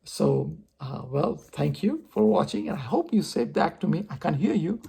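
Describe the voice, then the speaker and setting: A man telling a personal story on his vlog, expressive and poking fun at himself. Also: on the high side, normal speed, vocal fry, breathy edge. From India. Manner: expressive, self-mocking storyteller. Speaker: vlogger.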